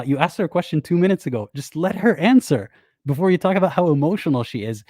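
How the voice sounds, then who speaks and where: A man's voice: fairly high pitch, expressive, moderate pace, warm tone, no echo, studio quality. A man hosting a reaction video, commenting sarcastically and mocking the people he quotes. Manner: sarcastic and mocking, quotes others in exaggerated voices. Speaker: commentary host.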